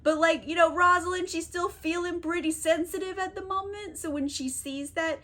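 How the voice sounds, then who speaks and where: High-voiced woman, rambling and exasperated. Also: steady tone, pushed and bright. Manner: rambling, exasperated, laughing, acts out quick character voices. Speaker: book reviewer. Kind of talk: casual comedic recap.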